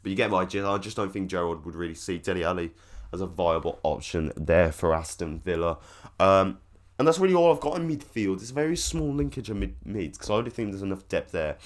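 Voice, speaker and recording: A man's voice: low voice, lively intonation, brisk. A man hosting a football fan channel, giving rambling, opinionated commentary with lots of fillers. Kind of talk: casual commentary to camera.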